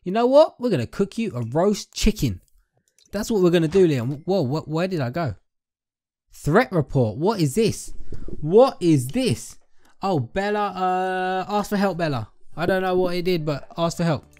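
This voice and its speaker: A young man narrates his gameplay in a chatty, playful way, often turning to address his viewers directly. His voice sits a little high for a man. He jokes and talks straight to the characters on screen. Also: expressive, measured pace, darkish tone. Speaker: gaming YouTuber. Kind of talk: casual let's-play commentary.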